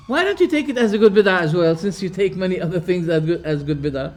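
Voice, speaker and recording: A man lecturing a class on religious belief. His voice sits a little high for a man, and he speaks emphatically. He poses rhetorical questions, stumbles into restarts and restates each term. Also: animated, fast, hardly any pauses, slight background noise. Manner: explains terms by restating them. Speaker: religious teacher.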